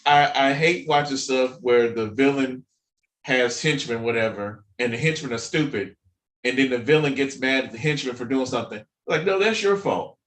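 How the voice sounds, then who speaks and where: A man's voice: mid-range voice, moderate pace, a bit bright, distant mic. A man co-hosting a podcast in casual chat, ranting about cartoons and movies and laughing often. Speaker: podcast co-host. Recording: roomy echo, somewhat off mic.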